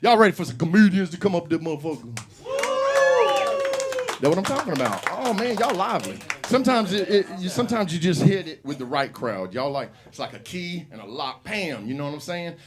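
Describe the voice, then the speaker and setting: A man hosts a live open mic comedy show, talking to the crowd with loose, profane storytelling. His voice sits high and swings widely up and down as he riffs. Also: fairly quick. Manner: profane, rambling, animated storytelling. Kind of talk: stand-up comedy hosting. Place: comedy club. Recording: live room with audience.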